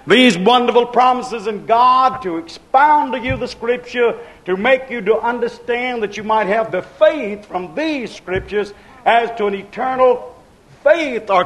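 A man preaching a sermon in a rhythmic, repetitive cadence, drawing out his stresses and rising to shouts. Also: extremely high pitch. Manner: preaching with slow, drawn-out stresses and shouted peaks.

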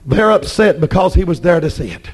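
A man preaching a sermon as pastor, excitable and breaking into shouts. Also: a little high, a little fast, breathy edge.

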